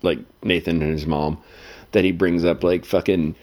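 A man's voice: low-pitched, flat delivery, normal speed, darkish tone. A man co-hosting a casual TV recap podcast, blunt and profane, tossing in mocking interjections. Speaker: podcast co-host.

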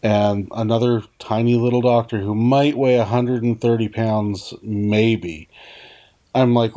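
A man's voice: fairly low pitch, fairly even intonation, a little slow, dark tone. A man telling a blunt, profanity-laden personal story in casual conversation. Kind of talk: casual chat.

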